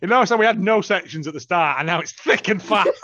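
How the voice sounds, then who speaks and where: A man's voice: high voice, moderate pace, highs cut off. A man co-hosting a casual podcast, teasing his partner and laughing often. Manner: teasing, laughs a lot, lively. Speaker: podcast co-host. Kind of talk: casual chat.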